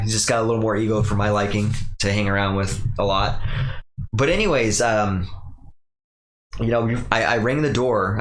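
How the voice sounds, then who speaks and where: Podcast host, young man, lowish voice, casual rambling rant, recorded in an echoey room. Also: fairly bright tone. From Pacific Northwest. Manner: casual, rambling, mimics other people's voices in quotes.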